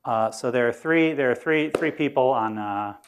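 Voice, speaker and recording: A man's voice: medium pitch, normal speed, clean tone. A man lecturing on physics to students in a lecture room, informal and explanatory, thinking aloud as he goes. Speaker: university lecturer.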